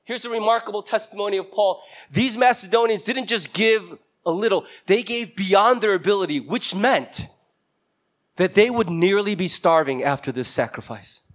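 High-voiced man preaching a story sermon. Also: expressive, moderate pace. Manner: storytelling, acts out quoted voices.

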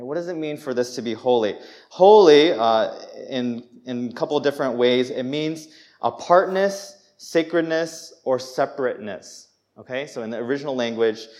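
A young man preaching a sermon in a church, conversational and animated, acting out people's reactions as he speaks. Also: mid-range voice. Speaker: pastor.

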